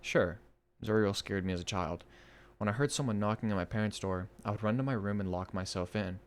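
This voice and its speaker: A man with a fairly low voice reads horror stories aloud for his podcast. Between stories he drops into eager, chatty asides aimed at his listeners. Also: fairly quick.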